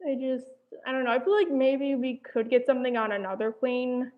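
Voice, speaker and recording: Her high voice is brisk and steady in tone as this young New Jersey woman, who runs an animation commentary channel, chats on a livestream. She's hesitant and rambling, full of "like" and "I don't know," and slightly breathless. The sound is thin and phone-like.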